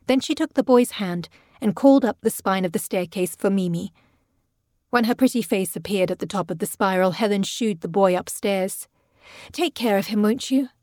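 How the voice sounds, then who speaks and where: A woman's voice: mid-range voice, a little mellow, no room sound, studio quality. Woman narrating a gothic audiobook. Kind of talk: scripted narration.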